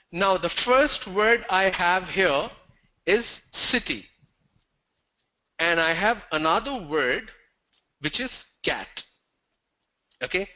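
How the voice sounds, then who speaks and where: Man, high bright voice, slow measured teaching, online class lecture, asks questions, repeats key points. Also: poor audio. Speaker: English pronunciation teacher.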